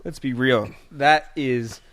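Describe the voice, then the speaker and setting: A man co-hosting a podcast, reacting with disbelief and quick comments in casual chat. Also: mid-range voice, a bit bright, no room sound. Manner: incredulous, chimes in with quick comments. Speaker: podcast co-host.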